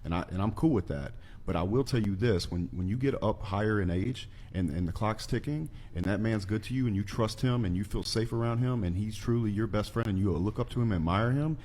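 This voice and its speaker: A man giving earnest, measured advice. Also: lowish voice, a little mellow.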